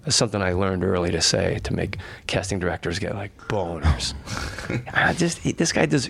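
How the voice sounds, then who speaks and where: A middle-aged man, a guest comedian, telling an animated, profane anecdote in casual chat and acting out the people in it. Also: deep voice, vocal fry, a little hiss or hum. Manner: rapid, profane, animated storyteller who acts out the other people in his stories.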